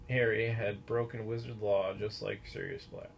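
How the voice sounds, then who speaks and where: A man narrating a storybook in a steady, measured reading voice. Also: lowish voice, creaky, slight background noise. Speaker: audiobook narrator.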